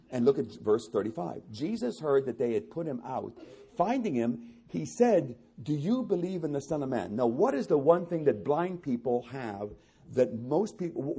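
Male pastor, husky, fairly high voice, lively wide-ranging delivery, animated sermon with repeated emphatic lines. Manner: animated preaching with acted-out voices and rising emphatic repetition.

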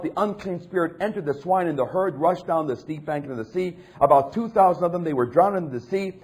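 A man preaching a sermon with a husky, slightly breathy voice. His pitch rises and falls widely as he shifts from low, hushed phrases to loud, emphatic passages.

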